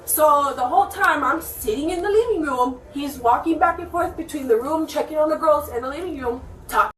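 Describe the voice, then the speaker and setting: A woman with a high voice pours out a heated, profane account to an officer. She sounds far off, picked up by a bodycam in an echoey house. Faint music plays beneath her. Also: a bit bright, a little hiss or hum. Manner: heated, fast, swearing, venting. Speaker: resident speaking to police. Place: inside a house, indoors. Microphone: police bodycam from a distance.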